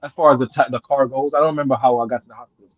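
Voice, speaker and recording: A man who grew up in Jamaica, telling a story in casual chat, swinging between loud excited bursts and low murmurs, laughing and swearing often. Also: very fast, dry recording, narrow, tinny audio. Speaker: guest.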